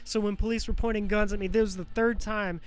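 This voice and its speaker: A man's voice: high voice, level tone, quick pace, smooth. A young man hosting a podcast, rambling through an emotional personal monologue with lots of fillers, swearing and nervous laughs, close to tears. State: near tears. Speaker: podcast host. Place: apartment.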